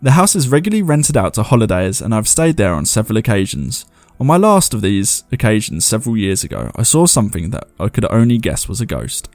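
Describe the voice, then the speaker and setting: A man's voice: on the low side, very animated, a little fast, hardly any pauses, a little mellow, no room sound, faint music behind. A man hosting a show, chatting loosely and reading viewer ghost stories aloud, laughing at himself as he goes. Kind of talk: casual commentary and reading aloud.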